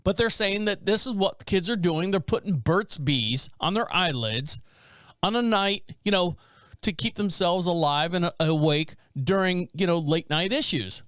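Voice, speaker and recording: A man's voice: high voice, expressive, normal speed, a bit bright, no echo. A middle-aged man hosting a podcast from a small studio, telling rambling stories in casual chat and laughing often. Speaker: podcast host.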